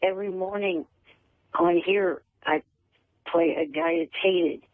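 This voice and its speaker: A man calling in to a talk show, speaking haltingly and repeating words. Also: high voice, fairly even intonation, no room sound. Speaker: caller. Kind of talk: phone-in chat. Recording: tinny phone line.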